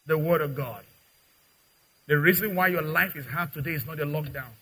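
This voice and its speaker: A middle-aged male pastor preaching a sermon, acting out little dialogues and swinging from quiet to loud. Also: on the high side, normal speed, husky, rough recording. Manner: preaching with dramatic acted-out dialogue and big swings in loudness.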